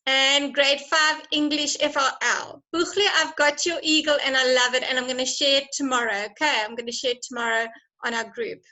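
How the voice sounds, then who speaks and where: Bright, high-voiced encouraging woman teacher. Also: fairly even intonation, fairly quick, poor audio. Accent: South African. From South Africa. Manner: encouraging, chatty, laughs often. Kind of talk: online class lesson.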